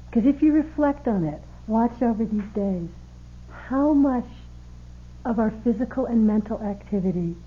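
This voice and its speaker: A woman meditation teacher gives a dharma talk at a retreat, her voice at a middle pitch. She speaks in a relaxed, conversational way, telling stories and leaning on key words. The recording is narrow and tinny, like a phone line. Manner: conversational storytelling with gentle emphasis. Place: meditation hall.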